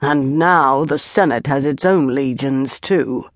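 A gruff veteran centurion, blunt and wary, with clipped, grim speech, as a woman reading an audiobook puts him on. The voice sits dry and close. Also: a bass voice, slow, dry recording.

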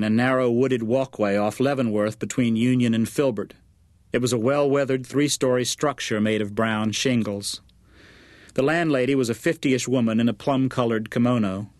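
A man narrating a novel as an audiobook, in an even, measured way. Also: medium pitch, no echo, studio quality. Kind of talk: scripted narration.

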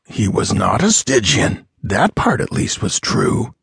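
A man plays a tall, yellow-haired swordsman who speaks in a hushed, slow whisper. His low voice is breathy and husky. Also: very animated, dry recording, clean studio sound, full character voice. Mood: awed. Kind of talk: audiobook character voice.

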